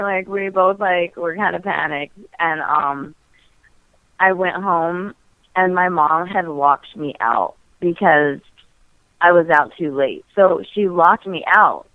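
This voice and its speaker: A woman's voice: on the low side, dry recording. A woman guest telling a personal story candidly and casually, giggling often and filling her talk with "like". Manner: giggly, frank, heavy use of "like" fillers. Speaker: podcast guest. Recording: tinny phone-like dry audio.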